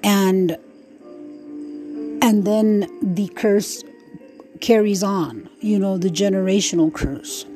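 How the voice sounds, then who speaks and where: A woman's voice: medium pitch, slow, long pauses, warm tone, soft background music. A middle-aged woman hosting a podcast, talking through her hurt and frustration in a raw, profane, rambling monologue full of restarts. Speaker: podcast host. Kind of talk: emotional personal monologue.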